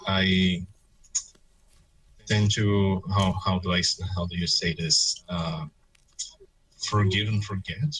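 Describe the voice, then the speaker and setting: A man's voice: low voice, fairly even intonation, takes it slowly, long pauses, fairly bright tone, no room sound. A man on a casual podcast, hesitant and searching for his words. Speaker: podcast guest. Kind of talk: casual chat. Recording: husky voice, distant mic.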